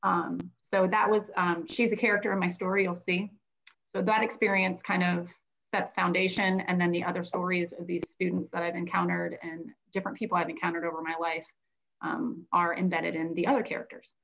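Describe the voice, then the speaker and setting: Woman author from florida telling her book story, lively with lots of ums, kinda muffled audio. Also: fairly low pitch, fairly quick, vocal fry. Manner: animated storytelling, acts out quotes, frequent fillers. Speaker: children's book author and classroom teacher. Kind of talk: livestreamed book launch conversation.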